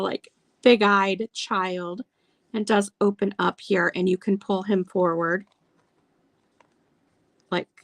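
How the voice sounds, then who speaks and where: A woman's voice: mid-range voice, creaky, no echo. A woman hosting a live sale of vintage items, chatting casually and reading old card verses aloud. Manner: chatty, lingers over details, reads card verses aloud. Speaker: online seller showing vintage items. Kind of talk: casual live sales chat.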